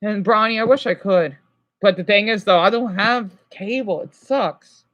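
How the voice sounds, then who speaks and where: A man's voice: sits high, moderate pace, fairly bright tone. A stressed man vlogging, ranting to his viewers in an agitated, rambling way, swearing and then apologizing. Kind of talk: unscripted emotional rant to viewers.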